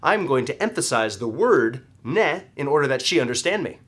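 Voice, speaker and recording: A young man explains words in a relaxed lesson, leaning hard on the syllables he wants heard. His pitch jumps around a lot as he teaches, and he speaks at a middling pitch for a man. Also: normal speed, slightly rough. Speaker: language teacher.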